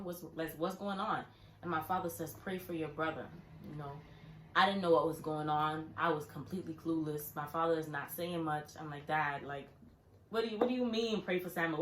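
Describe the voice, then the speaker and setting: A deep-voiced woman tells a family story casually in an echoey room for her vlog. She's animated, acting out her younger self in quoted questions.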